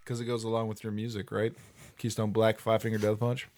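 A man's voice: lowish voice, completely flat delivery, fairly quick, heavy background noise. A man hosting a casual podcast, joking around, laughing often and swearing casually. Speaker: podcast host. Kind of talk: casual chat.

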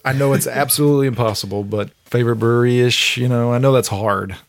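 A man's voice: medium pitch, steady tone, fast. A man co-hosting a podcast, laid-back and asking questions in casual chat. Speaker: podcast co-host.

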